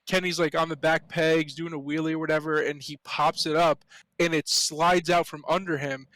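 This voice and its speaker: A man's voice: on the high side, flat delivery, moderate pace, fairly bright tone, no room sound, rough recording. A young man co-hosting a podcast, telling stories with lots of swearing and laughter. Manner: profane, laughing storyteller. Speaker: podcast co-host. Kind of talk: casual storytelling chat.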